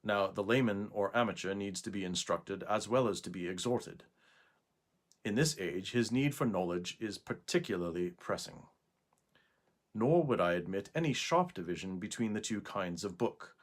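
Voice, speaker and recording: A man reading a scholarly prose passage aloud in an attempted English accent, measured and deliberate, recorded indoors. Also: on the low side, expressive. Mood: earnest.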